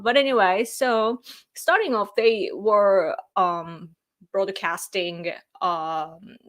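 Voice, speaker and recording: A young woman hosting a casual live stream, hesitant, with many pauses and filler words and small laughs. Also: lowish voice, a bit bright. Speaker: livestream host. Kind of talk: casual live-stream recap, reading viewer comments.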